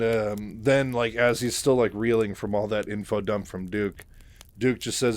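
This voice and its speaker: Male recap narrator, low-ish voice, casual and rambling, filler-heavy. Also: fairly even intonation, a little slow. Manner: rambling, many fillers, chuckles. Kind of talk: casual retelling of a novel.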